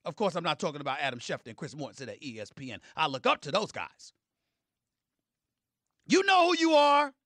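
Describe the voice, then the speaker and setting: Middle-aged guy ranting on sports talk, bright forceful voice, emphatic. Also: very animated, racing, few pauses, no room sound. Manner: emphatic, swings from loud declarations to low intense remarks. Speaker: sports commentator. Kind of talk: heated on-air commentary.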